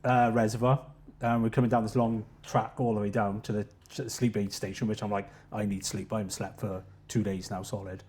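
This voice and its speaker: A man, a podcast guest telling a running story casually, animated and swearing freely. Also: on the low side, fairly quick. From South Wales. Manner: animated, swears freely, acts out his own quotes. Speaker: podcast guest, ultra runner.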